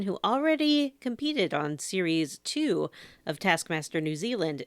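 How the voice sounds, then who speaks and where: A woman's voice: lowish voice, fairly bright tone, clean tone, no room sound. A woman co-hosting a gaming podcast, delivering gossip with a playful, dramatic flair. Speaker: podcast co-host. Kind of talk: casual chat.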